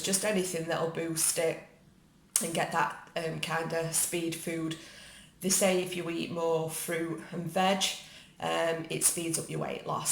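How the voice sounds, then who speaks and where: Gravelly English woman chatting in an echoey room. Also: low-pitched, a little hiss or hum. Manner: chatty and rambling, with many ums. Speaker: vlogger. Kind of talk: casual chat. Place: dining room at home.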